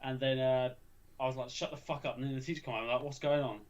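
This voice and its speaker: A man's voice: mid-range voice, fairly even intonation, fast, clear, resonant tone, highs cut off. A young man, telling a school story in casual chat, rambling with frequent restarts and swearing. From England. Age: young adult. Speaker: podcast co-host.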